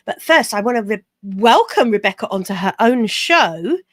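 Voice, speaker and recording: A woman's voice: mid-range voice, very animated, moderate pace, fairly bright tone, no room sound. A woman, a business coach chatting casually on a podcast, often correcting herself and laughing easily.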